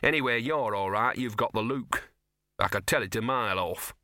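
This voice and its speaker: A man's voice: on the low side, normal speed, sharp tone, no room sound, studio quality. A man voicing a scruffy, sardonic male talking dog who grumbles in slangy street talk. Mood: wry.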